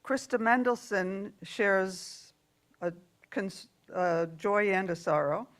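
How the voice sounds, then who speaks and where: A woman leading a church worship service, speaking gently and reading out joys and sorrows from the congregation. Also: mid-range voice, slow.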